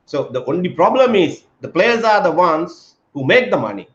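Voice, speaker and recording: A man with a high voice and big pitch swings hosts a casual live-stream chat at normal speed, full of fillers and calling his guest "mate." The recording is echoey, dull, and lo-fi.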